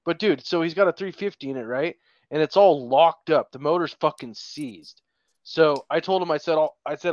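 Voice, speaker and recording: A man's voice: fairly high pitch, moderate pace, darkish tone, no room sound, muffled recording. A man on a podcast telling a long story in a casual, rambling way with lots of swearing. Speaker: podcast co-host.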